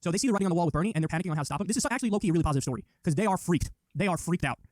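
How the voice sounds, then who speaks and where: A man giving political commentary in a sarcastic, mocking way, often slipping into quick impressions of the people he criticizes. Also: sits high, lively intonation, no echo, clean studio sound.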